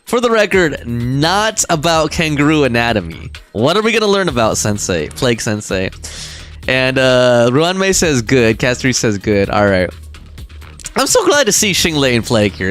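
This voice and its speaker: A man's voice: medium pitch, fairly bright tone. A man streaming a video game, chatting casually with his viewers in a playful way and laughing often. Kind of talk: casual live-stream commentary. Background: game music.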